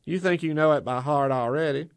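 A man reading a story voices a proud, quick-tempered woman writer who fires back indignant retorts. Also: on the high side, smooth, pitched above the performer's own voice, lightly acted. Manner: sharp retorts, indignant questions.

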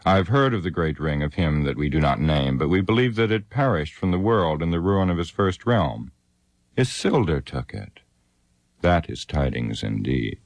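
A man voicing a proud, outspoken human warrior who breaks in forcefully in an audiobook reading. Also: a bass voice, lively intonation, normal speed, gravelly, dry recording, full character voice. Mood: incredulous. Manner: forceful, exclaiming.

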